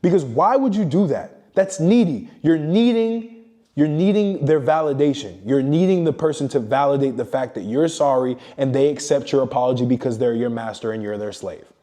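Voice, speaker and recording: A man's voice: mid-range voice, lively intonation, moderate pace, dark tone. A man giving a blunt, profane motivational monologue as a self-improvement coach, lecturing emphatically.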